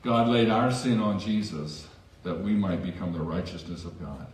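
A man's voice: low voice, normal speed, recorded from a distance. A man preaching a sermon as pastor in a church, conversational with self-deprecating asides. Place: church sanctuary. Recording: echoey church hall from afar.

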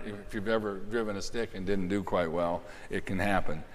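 A man's voice: low-pitched, steady tone, normal speed. A man preaching a sermon in a conversational way, often restarting his phrases. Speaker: pastor. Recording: long hall reverb.

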